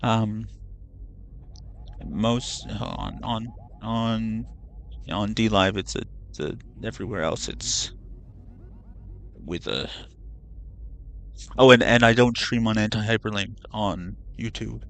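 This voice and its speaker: A man's voice: on the low side, slow pace, creaky, long pauses, fairly bright tone. A man streaming a video game, chatting casually in a rambling way, swearing freely, and often correcting himself mid-sentence. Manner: rambling, profane, self-correcting. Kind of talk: casual gaming livestream chat.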